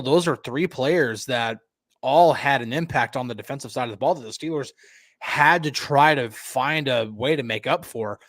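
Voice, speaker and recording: Talking sports on a podcast he co-hosts, this man mixes casual conversation with analysis and keeps starting sentences over. His mid-range voice has a fairly bright tone, recorded dry with clean studio sound.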